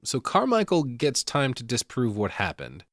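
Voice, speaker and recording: A man's voice: medium pitch, huge pitch swings, normal speed, fairly bright tone, no echo, studio quality. A man hosting a podcast, recapping a horror film in casual, profane chat and laughing often. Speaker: podcast host.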